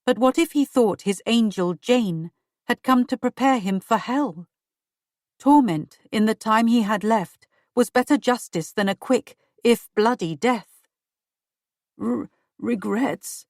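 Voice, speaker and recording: A woman reading a first-person audiobook in slow, measured storytelling narration. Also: a little high, a little mellow, no room sound, clean studio sound.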